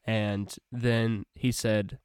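A man's voice: on the low side, level tone, drawn-out words, darkish tone, smooth, no echo, studio quality. Young man reading scripture, casually. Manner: reads scripture then chats about it with fillers and self-corrections. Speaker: podcast host. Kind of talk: casual Bible reading and commentary.

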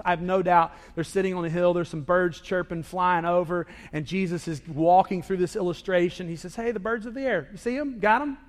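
A man preaching a sermon indoors, moving between hushed, intimate lines and loud, emphatic ones. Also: high-pitched. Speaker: pastor. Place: indoor worship hall. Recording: reverberant hall.

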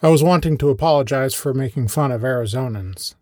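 A man narrates his own story in a wry, understated voice of ordinary pitch. The sound is close and dry, with no room around it. He sounds scripted but relaxed, like a podcast host reading aloud. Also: brisk, no echo. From American Midwest. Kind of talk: scripted first-person storytelling.

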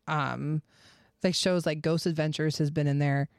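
A podcast host wanders through a casual true-crime chat, full of fillers and restarts. The voice sits at a middling pitch on a close, dry mic with no room sound. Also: steady tone, moderate pace, clean tone, dry recording. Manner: rambling, with filler words and restarts.

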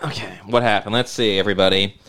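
A man co-hosting a podcast, chatting casually and joking, swearing freely in quick riffs. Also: fairly low pitch, steady tone, a bit bright. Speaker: podcast co-host. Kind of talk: casual chat.

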